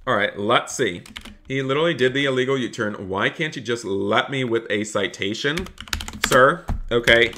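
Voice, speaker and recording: A man with a bright, forceful voice streams a police role-play game live. He keeps up an upbeat, chatty stream of talk, thanks viewers by name and slips into a polite officer role when he talks to players. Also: medium pitch, moderate pace.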